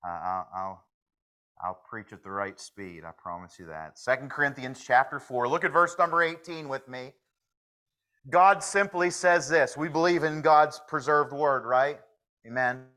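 A man's voice: mid-range voice, unhurried, sharp tone. A man preaching a sermon, folksy and earnest, pleading with his listeners. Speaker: pastor.

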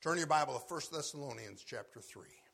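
A man preaches with a husky, gravelly voice that has a bright, forceful edge. He bursts into loud shouts when acting out scripture scenes, then sinks to quiet, low asks of his listeners. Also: lively intonation, fairly quick. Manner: swings from loud shouted acted quotes to low quiet asides. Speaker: pastor. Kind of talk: sermon.

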